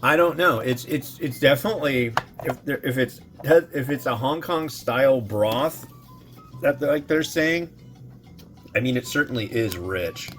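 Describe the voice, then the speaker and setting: A man's voice: medium pitch, unhurried, fairly bright tone, faint music behind. A man who reviews instant noodles, chatting casually and rambling to his viewers as he cooks and tastes. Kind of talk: casual chat while cooking and tasting.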